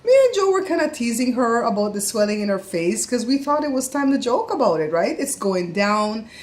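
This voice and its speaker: A woman's voice: fairly high pitch, big pitch swings, fairly quick, a little mellow. A middle-aged woman from Belize, chatting casually at home for a family vlog and laughing often as she talks. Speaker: family vlogger.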